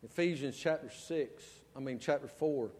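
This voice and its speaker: A male pastor preaching a storytelling sermon, swinging between loud and soft. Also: mid-range voice, normal speed. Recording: long church reverb.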